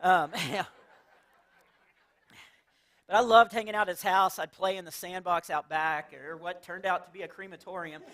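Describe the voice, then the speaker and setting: A man's voice: high-pitched, steady tone, normal speed, pauses often, a bit bright, slight background noise. A man performing a stand-up comedy set in a church, telling stories animatedly, acting out characters and laughing at his own jokes. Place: church stage before a laughing audience.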